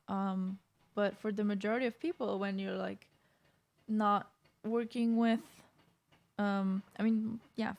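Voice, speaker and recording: A woman vocal coach giving casual reaction commentary, explaining technique in a loose, conversational way with frequent restarts. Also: a little high.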